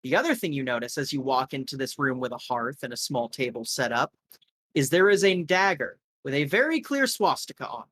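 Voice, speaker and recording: A man's voice: mid-range voice, animated, fairly quick, fairly bright tone, no echo. A man running a tabletop game who narrates loosely, leaning on fillers and asides as he describes the scene. His voice sits mid-range for a man. The sound is dry with no room in it. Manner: rambling, filler-heavy, casual. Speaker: game master.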